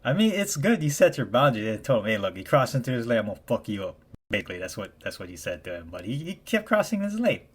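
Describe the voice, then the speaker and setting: A man's voice: medium pitch, very animated, quick pace, husky. A man hosting a casual chat, reacting with crude, joking disbelief. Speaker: host.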